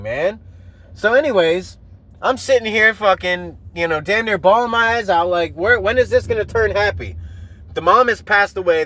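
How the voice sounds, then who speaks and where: A man's voice: high voice, a bit bright, dry recording. A man hosting a podcast, rambling emotionally and with a lot of swearing while driving his car. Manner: profane, rambling, emotional storytelling. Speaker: podcast host. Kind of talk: rambling casual monologue.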